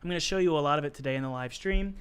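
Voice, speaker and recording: A man with a hoarse, worn voice, teaching art on a casual live stream, chatty and encouraging as he answers the chat while he works. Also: fairly high pitch, racing. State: hoarse, losing his voice.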